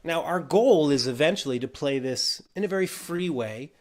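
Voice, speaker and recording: A man teaching a ukulele lesson on a livestream, relaxed and encouraging, counting out beats as he explains. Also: fairly high pitch, moderate pace, a little hiss or hum. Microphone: livestream camera mic.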